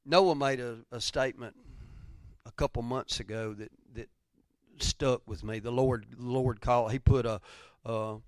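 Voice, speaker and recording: A man preaching a conversational sermon, telling stories, then rising loud and dropping to near whispers. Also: medium pitch, fairly even intonation, a little slow, no echo, studio quality. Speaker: pastor.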